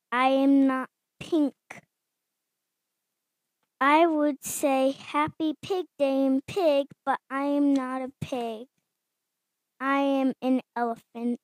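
Woman doing a shy worried elephant guy, quiet, halting, dead dry room. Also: sits high, dry recording. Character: worried gentle male elephant.

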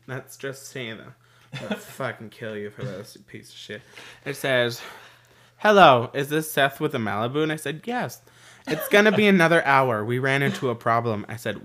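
A man co-hosting a casual podcast chat, telling a profane, animated story. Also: medium pitch. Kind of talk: casual chat among friends.

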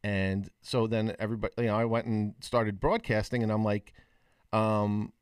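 A man's voice: fairly low pitch, moderate pace, smooth, no echo. Man rambling through a story, dry sound. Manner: rambling, animated storytelling with many restarts. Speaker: podcast co-host. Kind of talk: casual chat on a video call.

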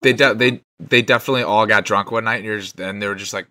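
A man's voice: lowish voice, fairly even intonation, quick pace, sharp tone. A man in casual, profane chat, laid-back and chiming in with jokes.

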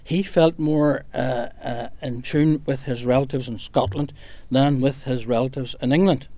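A man's voice: mid-range voice, steady tone, moderate pace, dark tone, no room sound. A man from Northern Ireland leading a casual discussion, telling long stories with frequent fillers.

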